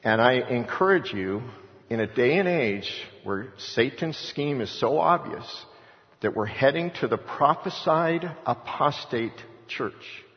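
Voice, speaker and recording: A man's voice: mid-range voice, lively intonation, a little slow. A middle-aged man preaching a sermon, telling stories and driving his points home with emphatic repetition. His voice carries through a long-echoing hall. The recording sounds dull and lo-fi. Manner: storytelling with acted-out voices of others. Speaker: pastor.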